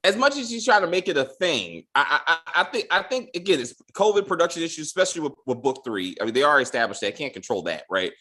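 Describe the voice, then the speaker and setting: A man hosting a casual review show, talking in an animated, profane way. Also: on the high side, quick pace, few pauses. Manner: animated, profane, quotes characters in put-on lines. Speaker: podcast host reviewing a TV episode. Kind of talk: casual chat.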